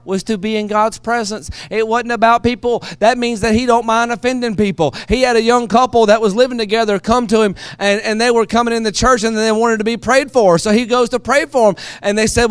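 A man preaching a sermon in a very high voice, heard dry and close with no room around him. He drops into quiet, low asides and then climbs into loud, shouted preaching. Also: clean tone, no echo. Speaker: pastor.

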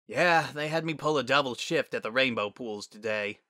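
A worn-out but good-natured stallion, speaking a touch higher than the narrator in a gentle, consoling way, as a man acts him. His tone stays bright and close in a dry storybook reading. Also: moderate pace, no echo, lightly acted. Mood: weary. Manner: weary but kindly. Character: tired, friendly adult stallion.

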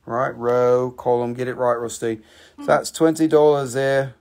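A man's voice: medium pitch, little pitch movement, a little slow, darkish tone. A man hosting a live stream that sells stones, chatting casually, joking and swearing as he goes. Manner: joking, profane, chatty patter. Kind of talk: casual live sales chat.

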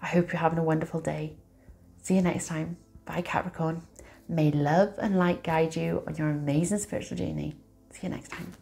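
A woman's voice: low voice, steady tone, normal speed, creaky, mellow. A woman doing a tarot reading, reading affirmations aloud in an emotional, encouraging way. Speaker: tarot reader.

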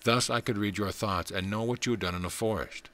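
Man reading as a wise humble housewife, low voice, calm, gently reproving, storybook parable. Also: fairly quick. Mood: serene.

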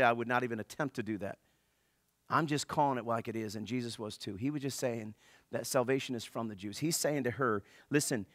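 Brief: male pastor, conversational joking sermon delivery, bright and forward tone. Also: medium pitch, no echo, clean studio sound. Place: church.

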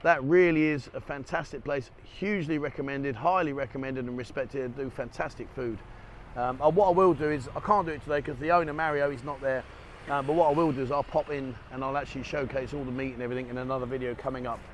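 A man's voice: mid-range voice, fairly even intonation, fast. A man chatting enthusiastically as he walks the streets, vlogging with a handheld camera. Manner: chatty, enthusiastic, rambling with fillers. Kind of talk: casual walking vlog. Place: outdoors on city streets. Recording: street noise, traffic behind.

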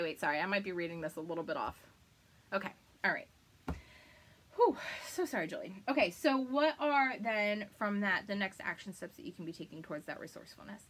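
Animated chatty woman hosting a craft livestream. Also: mid-range voice, slight background noise. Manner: chatty, animated, laughs often. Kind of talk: casual live craft chat.

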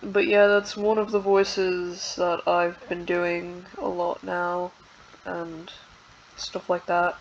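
Slow rambling woman vlogger. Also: on the low side, little pitch movement, dull audio, slight background noise. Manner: rambling, hesitant, self-deprecating. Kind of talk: casual vlog talk. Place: home, at a laptop.

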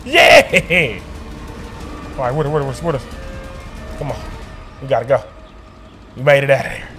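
A man giving excited, slangy commentary while he plays a video game and talks back to it. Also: medium pitch, unhurried, soft background music. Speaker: gaming streamer.

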